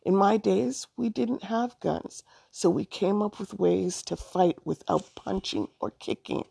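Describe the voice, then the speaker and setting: A woman's voice: medium pitch, unhurried, creaky, mellow, slightly rough, no echo, studio quality, full character voice. A woman voicing a firm, wise older Southern woman in a storybook reading, who patiently sets a young girl straight.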